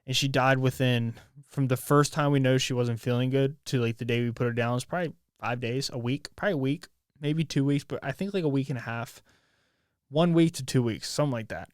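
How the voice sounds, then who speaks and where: A man from the United States hosts a solo podcast from his home, in a casual monologue that keeps stopping and restarting as he works through heavy feelings. He swears freely. His pitch sits in the middle of the range, and the sound is dry and close, with almost no room echo. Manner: halting, emotional, swears often, many restarts. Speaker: podcast host. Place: at home, near his bed.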